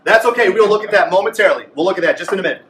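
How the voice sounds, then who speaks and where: A man with a very high voice leads a group clarinet lesson in a playful, coaching way. He is recorded from a distance in an echoey room with a little background noise. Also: expressive, racing, fairly bright tone. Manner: playful, coaching a class aloud. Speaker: music teacher.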